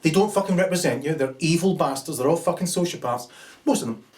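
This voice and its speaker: A man's voice: on the high side, quick pace, a little mellow, distant mic. A man delivering an angry, profane political rant, full of sarcastic asides and acted-out little scenes. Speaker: political commentator. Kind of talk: ranting monologue.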